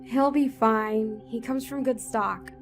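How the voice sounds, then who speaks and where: A man's voice: very high voice, takes it slowly, soft background music, pitched above the performer's own voice, heavily acted. A male narrator voicing a worried young pregnant woman calling her cop father, in an audiobook horror story. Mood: warm. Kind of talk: audiobook character voice.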